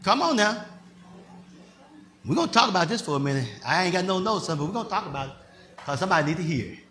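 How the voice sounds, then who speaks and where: A male pastor preaching a sermon, swinging from loud shouted lines to soft asides with bursts of laughter. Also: sits high, big pitch swings, fast talker, a little hiss or hum.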